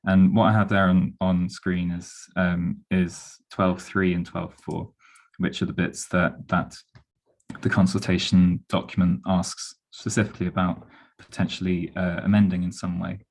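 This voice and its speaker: A man's voice: low voice, little pitch movement, unhurried, vocal fry. A man giving an analytical, step-by-step talk as a speaker on an online webinar, heard over a video call.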